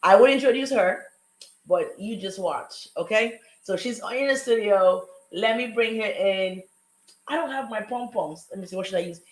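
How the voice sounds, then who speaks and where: Speaking at a moderate pace and medium pitch, an African-accented host greets her live show's audience and guest with effusive, upbeat warmth. The room echoes and the recording quality is low.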